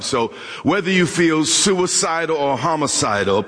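A man's voice: on the high side, expressive, moderate pace, fairly bright tone. A man preaching a sermon, joking with and asking questions of his congregation. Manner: humorous, talks directly to the congregation. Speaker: pastor. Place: church hall with live audience. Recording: long hall reverb.

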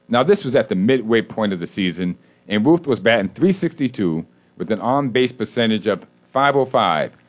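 A man co-hosting a casual sports talk show, who tells jokes and reads baseball history in a playful, storytelling way. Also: lowish voice. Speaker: co-host.

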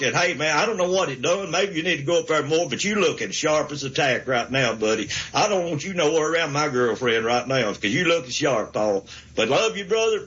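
A man's voice: fairly high pitch, fairly bright tone. A man in his sixties from Alabama with a Southern accent, calling in to a sports radio show with a rambling, fired-up pep talk. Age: 60s. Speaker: caller. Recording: lo-fi phone line.

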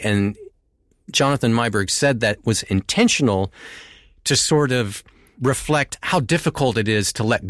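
A man's voice: a bit bright, dry recording. A man hosting a radio music show, chatting enthusiastically and casually about songs with a guest. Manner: enthusiastic, conversational, shifting pitch. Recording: dry studio sound.

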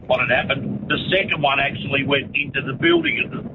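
A man's voice: medium pitch, wildly swooping pitch, fast talker. A man calling in to a radio show, eagerly recounting details. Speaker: caller. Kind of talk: phone-in call to radio. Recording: tinny phone line with wind noise.

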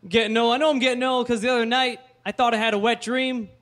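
A man performing a stand-up routine with deadpan, repeated setups. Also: very high voice, fast talker. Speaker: stand-up comedian.

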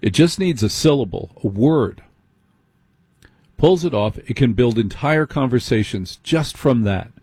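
Husky-voiced male late-night radio host. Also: mid-range voice, lively intonation, a little slow, mellow, dry recording. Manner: conversational, asks listeners direct questions. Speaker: radio talk show host.

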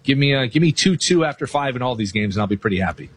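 Fast-talking husky man giving betting picks. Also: mid-range voice, animated. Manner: fast, loose, self-deprecating. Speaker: sports betting analyst guest. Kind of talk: casual betting talk.

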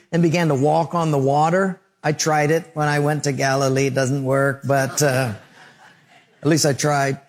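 A man preaches in a somewhat high voice. He is an earnest pastor who carries his radio sermon through vivid stories. He leans on repetition to drive home each point. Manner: earnest, storytelling, emphatic repetition.

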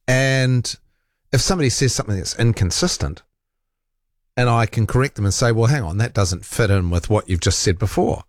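A man's voice: mid-range voice, expressive, moderate pace, dry recording, studio quality. A man hosting a talk radio show, reading listener texts and arguing back at critics in a combative, fact-checking way. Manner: combative, defends himself, fact-checks callers.

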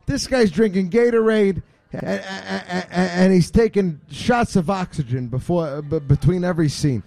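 A man's voice: sits high, normal speed, gravelly, dark tone, no echo. A man co-hosting a radio show, joking and teasing. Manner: jokey, teasing. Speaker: radio show co-host and singer.

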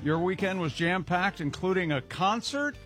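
A man's voice: sits high, expressive, normal speed, fairly bright tone, soft background music. A man co-hosting a morning radio show from the studio, opening the segment and teasing his co-host in casual banter. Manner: upbeat show opener, teasing. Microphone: studio microphone.

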